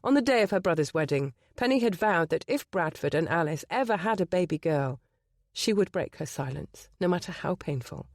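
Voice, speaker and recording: Expressive audiobook narrator, lively pitch. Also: male voice, fairly quick, no echo, clean studio sound. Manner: expressive storytelling. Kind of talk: scripted narration.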